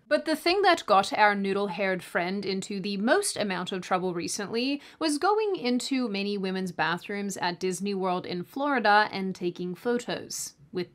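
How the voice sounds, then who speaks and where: A woman commentator delivering scripted commentary, sarcastic, with quick mock-apologetic asides. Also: medium pitch, a bit bright. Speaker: online commentator.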